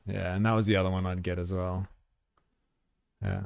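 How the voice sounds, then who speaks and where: Australian male streamer, young, low pitch, dry close mic, loose and sweary commentary. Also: level tone, normal speed, gravelly, long pauses, dry recording. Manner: laid-back, profane, laughs often, reads chat aloud. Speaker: livestream host. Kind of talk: casual livestream commentary.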